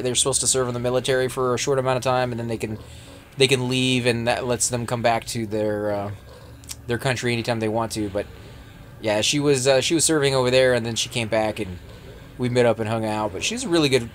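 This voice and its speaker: Relaxed Texan man streaming a game. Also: mid-range voice, a little hiss or hum. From Texas. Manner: relaxed, rambling with restarts. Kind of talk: casual gaming chat.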